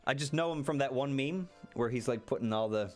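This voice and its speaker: A man's voice: medium pitch, a little fast, faint music behind. A young man casually streaming a game, playful, with silly asides and voices. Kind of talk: casual let's-play commentary.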